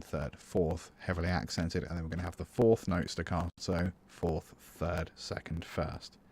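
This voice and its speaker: A man's voice: deep voice, a little hiss or hum. A British man, a music teacher, chatting casually through a live-streamed composition tutorial and answering viewers as he works. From United Kingdom. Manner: chatty, thinks aloud, answers chat between steps.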